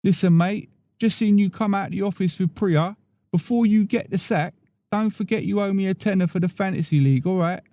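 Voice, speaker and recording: A man voicing a teasing male office mate, brisk and jokey in an audio story. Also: high voice, warm tone, pitched above the performer's own voice.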